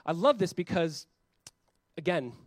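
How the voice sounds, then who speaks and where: A young adult man, a pastor, preaching a sermon in a conversational, animated way and acting out the voices he quotes. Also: a little high, a little slow, dry recording.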